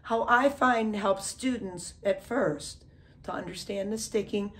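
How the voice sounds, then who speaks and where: Here a drum teacher speaks at a measured pace in a medium-pitched voice, keeping the instruction casual. She calls out the count loudly as she plays and keeps asking "okay?" while the drums sound under her.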